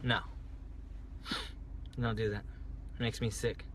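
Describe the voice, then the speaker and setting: A man's voice: lowish voice, level tone, a little slow, a bit bright, a little hiss or hum. A man telling a story on a casual phone livestream, rambling, restarting and repeating himself as he talks. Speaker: livestreaming driver. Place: parked car at night.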